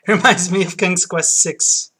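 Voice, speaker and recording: Woman streamer, let's play commentary, low-pitched, slow and relaxed, fillers. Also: breathy edge. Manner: slow, relaxed, with frequent fillers and light laughs. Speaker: game streamer.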